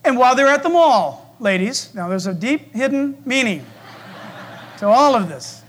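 A man preaching a sermon, swinging between loud declarations and hushed asides, acting out voices and asking the congregation questions. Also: extremely high pitch, big pitch swings, moderate pace.

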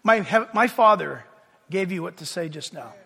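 A male pastor preaches in a high, bright voice that carries through a reverberant church hall. He is animated, raising his voice to act out shouting crowds and joking with the congregation. The sound has a long echo from the sanctuary. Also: moderate pace, vocal fry, slightly rough. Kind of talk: sermon.

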